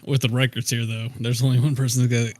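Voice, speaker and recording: A man's voice: mid-range voice, level tone, fast talker, a little mellow. A young man, a player in a tabletop game, chatty, repeating words as he thinks aloud. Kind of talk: casual chat about a tabletop game.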